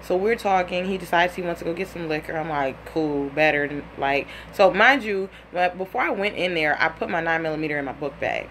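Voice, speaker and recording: Young woman telling a story, blunt and animated. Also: fairly low pitch, brisk, few pauses, a little hiss or hum. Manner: animated, blunt and profane, acts out quotes. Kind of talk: casual personal storytelling.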